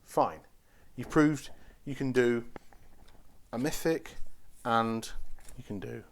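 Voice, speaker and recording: A man's voice: mid-range voice, slow pace. Chatty man opening card packs. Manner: chatty, teasing, talks to the packs. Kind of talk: casual live card-opening commentary. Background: crinkling foil wrappers.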